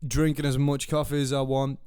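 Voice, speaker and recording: A man's voice: medium pitch, flat delivery, a little fast, dark tone, smooth, dry recording, studio quality. A young man co-hosting a podcast, telling a long travel anecdote in a rambling, casual way, acting out the people he met. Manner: rambling anecdotes with quoted voices, swearing. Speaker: podcast co-host. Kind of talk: casual storytelling chat.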